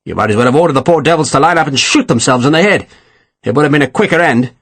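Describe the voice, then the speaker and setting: A man's voice: on the high side, lively intonation, quick pace, fairly bright tone, no echo. Man doing blustering, profane Welsh general. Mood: furious. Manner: blustering, scornful, swearing. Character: irascible, profane older male Welsh general.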